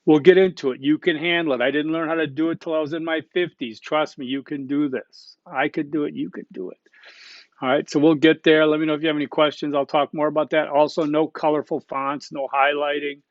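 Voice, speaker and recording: A man in his fifties or older, teaching a recorded college lecture in a conversational way, full of "okay?" checks, fillers and quick self-corrections. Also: on the high side, level tone, dry recording. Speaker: college instructor. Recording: dry, dull lo-fi recording.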